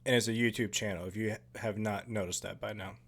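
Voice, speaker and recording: A man giving casual, profane commentary over a horror film, excitable and full of jokey asides. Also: on the low side, fast talker. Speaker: movie commentary host.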